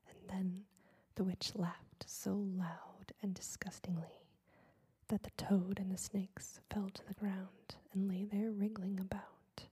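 A woman reading a fairy tale aloud in a slow, even ASMR whisper. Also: medium pitch, breathy edge. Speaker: ASMR storyteller.

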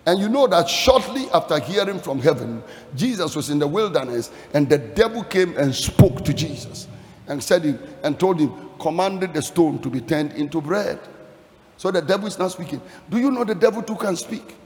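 A man preaching a sermon with emphatic delivery, swinging from hushed lines to shouted peaks and a chanting, sing-song cadence. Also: fairly high pitch, animated, moderate pace. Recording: long hall reverb.

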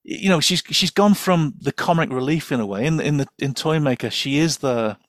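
A man's voice: on the high side, moderate pace, no room sound. Chatty man on a dry recording. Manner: chatty and enthusiastic, many fillers and restarts, laughs often. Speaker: guest expert. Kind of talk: casual podcast chat.

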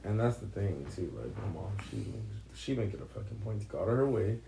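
Man, low gravelly voice, lively pitch, profane banter, echoey room with faint hiss. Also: fairly quick. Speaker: podcast co-host. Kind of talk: casual chat.

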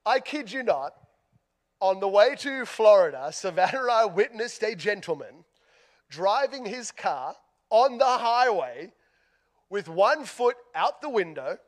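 A man with an Australian accent telling a humorous story in a sermon, self-deprecating and lively, with big shifts in loudness. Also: high voice, measured pace.

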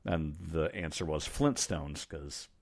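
A man's voice: very deep voice, animated, slow pace, darkish tone. A man co-hosting a podcast, reminiscing casually with frequent ums and laughs. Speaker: podcast co-host.

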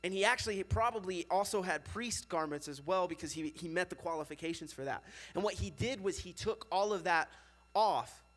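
A young man with a high voice preaches to a youth group in a loose, chatty way. He fills his sentences with casual filler words and keeps the energy animated. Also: brisk. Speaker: youth pastor.

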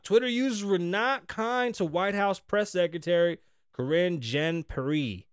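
A young man hosts a casual news podcast in a high, slightly slow, smooth voice, recorded dry and at studio quality. He rambles through sarcastic rants loaded with swearing and mocking asides.

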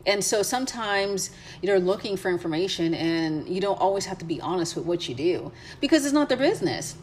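A woman's voice: on the low side, lively intonation, brisk, a little hiss or hum. An American woman giving travel tips in a casual, chatty way, with many fillers and restarts. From United States. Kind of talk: casual advice chat.

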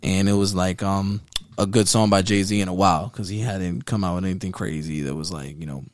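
A man co-hosting a podcast, chatting in an animated, slangy way full of fillers. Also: low voice, a little fast, no room sound, clean studio sound. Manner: animated, slangy, lots of fillers like "you know what I'm saying". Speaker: podcast co-host. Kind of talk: casual podcast chat.

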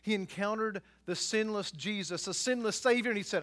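A man preaching a sermon, swinging between quiet asides and loud, emphatic passages. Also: sits high, brisk. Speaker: pastor.

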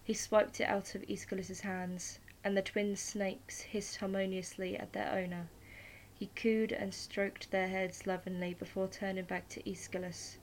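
A woman narrating a short story aloud in a steady, unhurried way. Her voice sits at an ordinary middle pitch for a woman. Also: slight background noise, poor audio.

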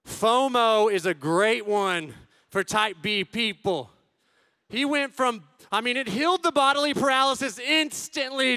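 A man in his thirties doing stand-up, telling stories as a father and acting out loud quotes between hushed asides. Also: high voice, expressive, moderate pace, clear, resonant tone, dry recording, studio quality. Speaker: stand-up comedian. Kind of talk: stand-up storytelling.

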